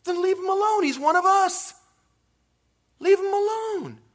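A man's voice: fairly high pitch, very fast, bright, forceful tone. A man voicing Jesus as a firm, plain-spoken teacher who asks pointed questions.

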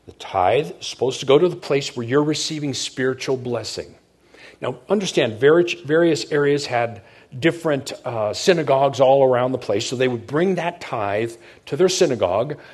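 Middle-aged male pastor, husky mid-range voice, chatty sermon delivery that keeps asking the congregation if they follow. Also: mid-range voice, expressive, normal speed, darkish tone. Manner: conversational, checks in with the congregation.

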